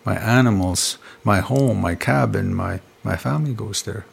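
A man from Canada with a low, gravelly voice. He tells traditional star stories slowly and loosely, repeating his key words. He often ends a phrase with a questioning "eh?". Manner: unhurried, repetitive, ends phrases with "eh?". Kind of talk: casual storytelling conversation.

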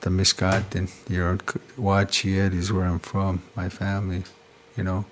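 A man from Canada telling traditional star stories in an unhurried, conversational way, often tagging his phrases with "eh?". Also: sits low, monotone, a little hiss or hum. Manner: unhurried, repetitive, ends phrases with "eh?". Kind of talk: casual storytelling conversation.

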